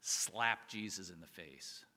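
A man's voice: sits low, expressive, slow, pushed and bright. A man giving a conversational sermon as a pastor, often chuckling and asking his listeners rhetorical questions. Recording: reverberant hall.

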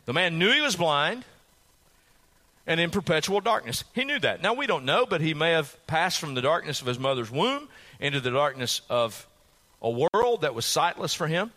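A man's voice: on the high side, big pitch swings, normal speed, bright, forceful tone. A male pastor preaching a sermon, retelling a story dramatically and putting rhetorical questions to his listeners.

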